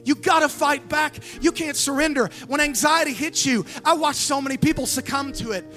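A woman pastor preaching a fervent sermon, calling on the crowd to answer back, with a sing-song, drawn-out phrasing. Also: sits high, fairly bright tone, soft background music. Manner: emphatic preaching with call-and-response.

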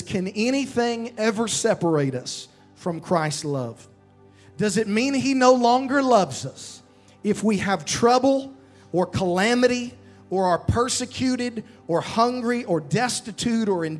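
A man preaching a sermon as pastor, calling for responses from the congregation and slowing down to stress key lines. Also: sits high, expressive, faint music behind. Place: church sanctuary.

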